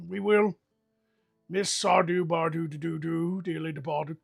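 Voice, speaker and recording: A man with a high voice and a husky, gravelly grain, hosting an improvised comedic role-play livestream. He rambles through a mock-solemn eulogy. Faint music plays behind him. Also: fairly even intonation, measured pace. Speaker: host leading an improvised fantasy guild meeting.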